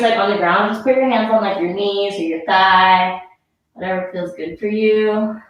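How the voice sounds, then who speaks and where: Here the same woman speaks in a mid-range voice at a moderate pace, with a little hiss or hum in the background. Breathless, she guides the yoga class with relaxed, supportive cues and a countdown of breaths. The room echoes heavily and the microphone is distant.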